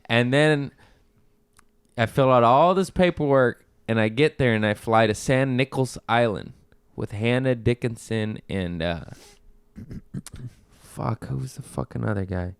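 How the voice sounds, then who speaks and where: A man's voice: medium pitch, measured pace, gravelly, smooth, dry recording, studio quality. A man, a comedian guest on a podcast, telling rambling, profane stories in casual chat.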